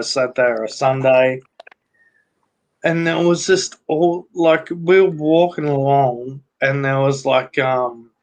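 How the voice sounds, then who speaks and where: A man's voice: mid-range voice, poor audio. A middle-aged man with an Australian accent, hosting a casual talk stream and telling a rambling story, swearing constantly. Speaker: livestream host.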